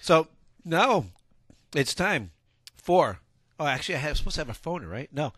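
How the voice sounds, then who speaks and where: A middle-aged man co-hosting a casual radio talk show, loose and rambling, giving shout-outs into a studio mic. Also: on the high side, sing-song, normal speed, husky, dry recording. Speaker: co-host.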